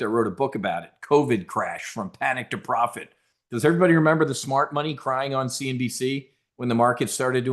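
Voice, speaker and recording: Guy giving a punchy trading talk, blunt and jokey, mid pitch. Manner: brash, direct, joking with the audience. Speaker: conference speaker. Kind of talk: energetic trading seminar talk.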